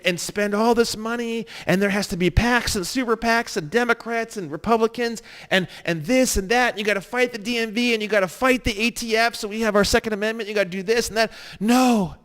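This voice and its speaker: A man with a high-pitched voice lectures an online course. He swears freely and rants, sliding from quiet asides into loud, emphatic bursts. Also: clean tone. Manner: swearing, ranting, swinging between low mutters and loud emphatic bursts. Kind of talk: heated profane lecture.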